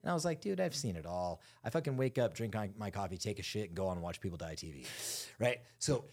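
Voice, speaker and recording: A man's voice: fairly low pitch, expressive, fast talker, a little mellow. A man co-hosting a podcast, telling a candid, profane story in casual chat and acting out the quotes. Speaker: podcast co-host.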